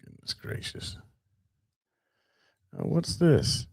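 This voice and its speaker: A man's voice: takes it slowly, darkish tone, dry recording. A man casually commenting on footage during a live stream, rambling and restarting his sentences.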